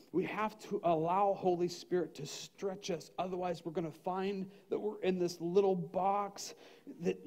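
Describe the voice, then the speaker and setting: Speaking with a high voice, a middle-aged pastor from the U.S. shares a personal anecdote in a spontaneous sermon. He's conversational and lively, laughs frequently, and dramatizes what he was thinking.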